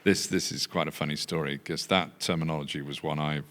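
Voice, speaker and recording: An older man from Yorkshire, a business founder telling relaxed anecdotes with many fillers. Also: very deep voice, brisk. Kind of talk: anecdotal chat.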